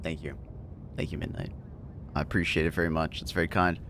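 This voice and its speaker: A man chatting casually on a livestream, laughing often and thanking viewers excitedly. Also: very deep voice, fairly quick, background noise. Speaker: streamer.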